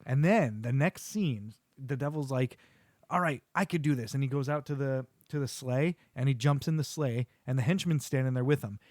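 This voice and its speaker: A middle-aged man hosting a podcast, chatting casually with his son and retelling cartoon scenes with quick quoted voices. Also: mid-range voice, darkish tone, no room sound, studio quality. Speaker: podcast host.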